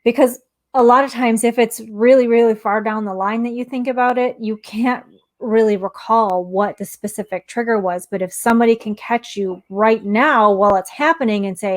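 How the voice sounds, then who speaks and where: A woman's voice: a little high, moderate pace. Candid woman chatting about mindfulness. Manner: candid, conversational, tells personal stories. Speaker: mindfulness teacher and vlogger. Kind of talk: casual self-help monologue.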